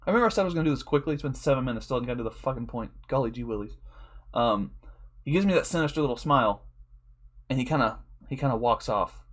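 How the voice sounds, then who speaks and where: A man's voice: medium pitch, lively intonation, rapid-fire. A man telling a long, rambling story in a casual, profane way, laughing often as a draft league coach.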